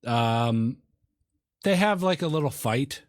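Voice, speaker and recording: A man co-hosting a movie review podcast, retelling film scenes in a halting way with lots of ums and uhs. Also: mid-range voice, animated, no room sound, studio quality. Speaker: podcast co-host. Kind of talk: casual movie review chat.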